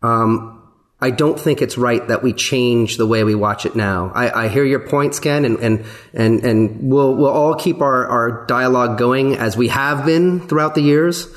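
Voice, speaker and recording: A man who produces a podcast, speaking earnestly and in a measured way, with many ums and repeated words. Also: medium pitch. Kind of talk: casual podcast discussion.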